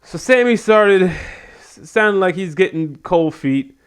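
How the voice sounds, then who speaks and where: A man's voice: high voice, unhurried, clear, resonant tone. A man giving a casual spoken review of a wrestling show, animatedly retelling what happened. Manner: animated retelling, acts out quotes.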